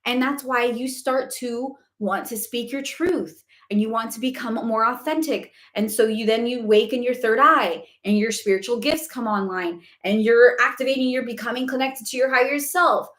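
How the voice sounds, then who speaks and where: A woman's voice: a little high, normal speed, few pauses, fairly bright tone, roomy sound. A woman spiritual coach answering questions on a live stream, chatty and emphatic, often checking in with "okay?" and speaking bluntly. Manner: candid and blunt, with casual swearing.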